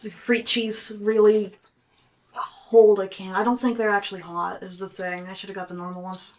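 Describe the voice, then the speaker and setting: A woman's voice: medium pitch, flat delivery, moderate pace. A woman playing a tabletop game, chatty, describing her character's actions. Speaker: player. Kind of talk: casual tabletop play.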